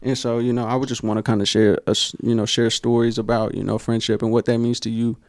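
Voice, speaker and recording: A man's voice: mid-range voice, level tone, quick pace, a little mellow, no room sound, clean studio sound. A man co-hosting a podcast, talking in a casual, slangy way and opening up about family and friendship. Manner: laid-back, slangy, emotional when talking about family. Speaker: podcast co-host. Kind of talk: casual chat.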